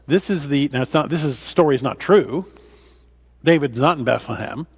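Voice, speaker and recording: A man's voice: mid-range voice, animated, moderate pace, creaky, husky. A man, a pastor, leading a Bible study in a conversational way, with fillers and restarts, acting out the scripture dialogue. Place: church.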